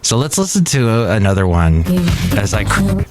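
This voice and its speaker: A man's voice: on the low side, very animated, normal speed, music in the background. A man in his fifties hosting a casual podcast from a cafe, rambling and self-deprecating, thinking aloud as he goes. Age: 50s. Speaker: podcast host. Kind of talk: casual nostalgic podcast chat.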